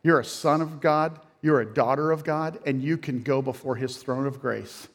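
A middle-aged man, a pastor, preaching a sermon that swings from quiet, low phrases to loud, emphatic peaks. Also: normal speed.

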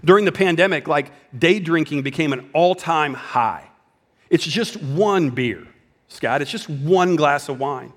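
A man preaching a sermon in a conversational style, dropping at times to a hushed voice for emphasis. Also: a little high, expressive, measured pace, in a large hall. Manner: conversational preaching with dramatic drops to a whisper. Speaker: pastor.

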